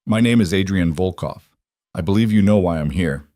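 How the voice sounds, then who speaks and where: A man voicing a cold, commanding mafia boss of about forty, speaking in a calm, measured and quietly threatening way. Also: sits low, dry recording, studio quality, natural voice.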